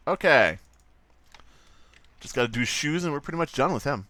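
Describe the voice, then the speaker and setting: A man's voice: mid-range voice, expressive, normal speed, long pauses, sharp tone, dry recording. A man casually commenting on his livestream while drawing, rambling, joking and swearing a lot. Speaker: streamer.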